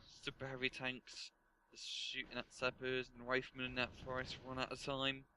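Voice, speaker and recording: A man's voice: mid-range voice, completely flat delivery, moderate pace, bright, forceful tone, slight background noise, low-quality recording. A man commentating a strategy game match in a casual, laughing way. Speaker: game caster. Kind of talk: esports commentary.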